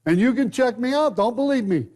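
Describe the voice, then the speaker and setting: A man's voice: extremely high pitch, animated, a little fast, darkish tone. An older man preaching a sermon in a church, in a conversational way, putting questions to the congregation.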